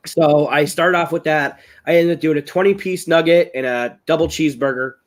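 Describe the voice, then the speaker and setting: An American man recovering from illness, telling stories in a rambling, excitable way on a live video call. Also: fairly high pitch, fairly quick. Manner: rambling, excitable storytelling, raises voice when recounting. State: ill, voice strained. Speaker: guest, chili-eating champion. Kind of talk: casual live-stream chat. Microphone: webcam on a live video call.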